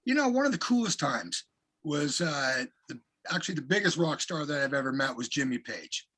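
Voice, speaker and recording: Casting: husky middle-aged man, relaxed interview guest, lively anecdotes, slightly high voice. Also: moderate pace. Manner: animated anecdotes with profanity. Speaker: guest singer. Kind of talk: casual interview storytelling.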